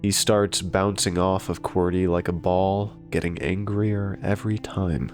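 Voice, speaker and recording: A man narrating a horror story in a slow, deliberate scripted delivery. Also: level tone. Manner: slow, deep and gravelly delivery. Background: faint guitar music.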